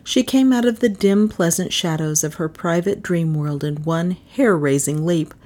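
A woman narrating a novel in an expressive, animated storybook reading. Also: lowish voice, moderate pace. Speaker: audiobook narrator.

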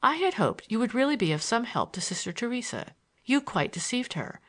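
A woman's voice: medium pitch, big pitch swings, a little fast. A woman voicing a scornful young woman who mocks with cold disdain in an audiobook.

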